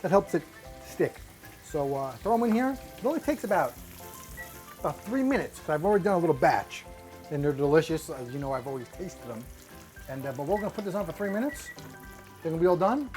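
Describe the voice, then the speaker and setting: A man's voice: a little high, expressive, brisk, long pauses, darkish tone, soft background music. An older man casually talking through a cooking demo, rambling and hesitant, with self-deprecating asides. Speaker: cook on a fishing show.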